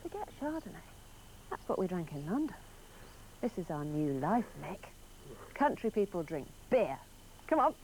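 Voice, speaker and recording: A woman's voice: lowish voice, big pitch swings, normal speed, long pauses, a little mellow, a little hiss or hum, poor audio. An actress playing an eager woman who has just moved to the country, in a scripted language-course drama. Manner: eager, gushing, persuasive. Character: enthusiastic young woman newly moved to the country.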